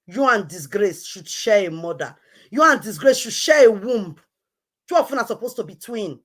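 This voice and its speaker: A woman's voice: medium pitch, lively intonation, normal speed, husky. A woman hosting an online show, scolding someone in a heated, repetitive rant. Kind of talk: heated live-stream rant.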